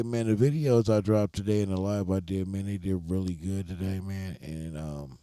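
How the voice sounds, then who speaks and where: A man's voice: low voice, dark tone, no room sound. A man chatting casually on a live stream, laid-back and rambling, with frequent swearing.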